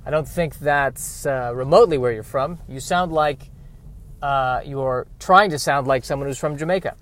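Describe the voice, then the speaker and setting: A man's voice: mid-range voice, moderate pace, fairly bright tone. A man rambling sarcastically to the camera while driving in traffic. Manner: sarcastic, wry. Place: inside a car in traffic.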